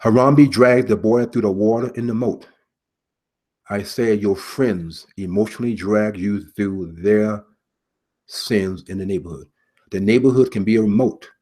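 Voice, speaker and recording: Husky-voiced man preaching earnestly. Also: on the low side, darkish tone. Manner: earnest, repetitive preaching with pauses. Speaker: preacher, former police officer. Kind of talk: sermon-style message.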